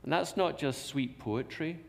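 A man's voice: on the high side, unhurried, gravelly. A man preaching a sermon in a church, repeating key phrases and asking rhetorical questions. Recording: long reverb of a large hall.

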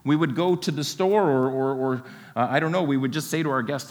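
A man preaching a sermon, expressive and full of rhetorical questions, with a light laugh now and then. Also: mid-range voice, fairly quick. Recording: long hall reverb.

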